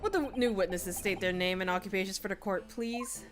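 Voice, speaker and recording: A woman's voice: mid-range voice, soft background music, close to an everyday voice. A woman voicing a stern elderly male judge in a video game, reading formal courtroom lines. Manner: formal, measured courtroom pronouncements.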